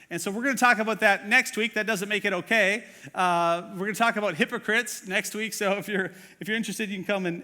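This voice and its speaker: A man's voice: sits high, pushed and bright, big-room sound. A man preaching a sermon as pastor, earnest and conversational, with many fillers and questions to the congregation. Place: church auditorium.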